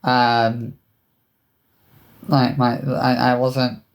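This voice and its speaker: A man telling a personal story to camera in a hesitant, halting way, often restarting his sentences. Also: medium pitch, monotone. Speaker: vlogger.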